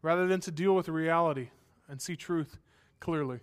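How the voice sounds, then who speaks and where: Smooth-voiced male pastor preaching. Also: on the high side, moderate pace. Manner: earnest, building to emphatic passages, with dry asides. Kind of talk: sermon.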